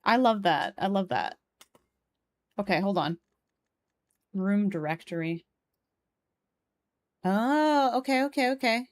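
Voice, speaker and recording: A woman's voice: mid-range voice, animated, takes it slowly, long pauses, no room sound. A young woman with a Polish accent, streaming a puzzle game and chatting as she plays, reading the game's text and viewers' messages aloud. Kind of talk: live game stream commentary.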